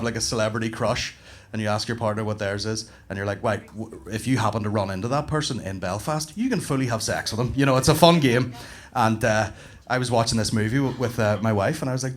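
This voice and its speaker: On a comedy club stage, a Northern Irish comic in his thirties tells lively, expletive-filled stories in a lowish voice.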